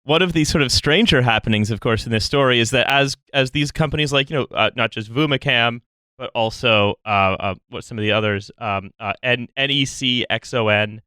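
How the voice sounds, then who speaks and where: A male podcast host speaks in a halting way with stammering starts. His voice sits mid-range. The dry, close sound has little room in it. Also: mid-range voice, sharp tone, clear, resonant tone, no room sound. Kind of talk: casual chat.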